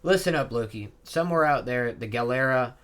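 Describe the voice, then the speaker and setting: A man reading out a boastful, ambitious male pirate captain from a comic, in a brash, loud manner. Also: mid-range voice, expressive, fairly quick, pitched above the performer's own voice, lightly acted.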